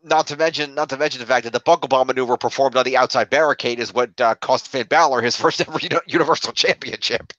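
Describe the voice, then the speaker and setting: A man recapping a wrestling match play by play for a podcast, steady and full of "uh" fillers. His voice comes through a dull, muffled mic in a dry, close space. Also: medium pitch, fast, few pauses, dry recording. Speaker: podcast co-host.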